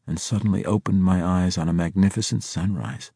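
A man voicing a weary male soldier in an audiobook, speaking in a low hushed whisper. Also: steady tone, fairly quick, gravelly, husky, no room sound, clean studio sound, heavily acted. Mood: awed.

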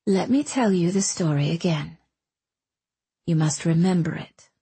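A woman narrator voicing a gentle, scheming woman who speaks in a soft, coaxing, lulling way. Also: fairly low pitch, a little slow, breathy edge, dry recording, heavily acted.

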